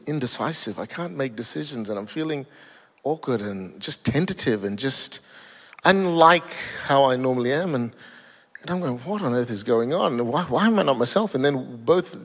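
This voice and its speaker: A man preaching a sermon as pastor, telling a personal story in an emphatic way. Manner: storytelling, emphatic, builds to high-pitched peaks. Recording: echoey hall.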